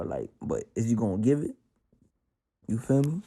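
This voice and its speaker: A man's voice: medium pitch, wildly swooping pitch, moderate pace, gravelly, warm tone, a little hiss or hum. A man from the Bronx with a New York accent, musing in a slangy, streetwise way during a casual spiritual monologue at home. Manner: slangy, reflective, streetwise talk with many fillers. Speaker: podcast host. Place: at home with his cat.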